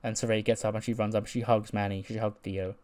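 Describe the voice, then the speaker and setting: A man narrates a wrestling game story in a loose, rambling way, often chuckling to himself. His voice sits somewhat low. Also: flat delivery, fast, darkish tone. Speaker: let's play narrator.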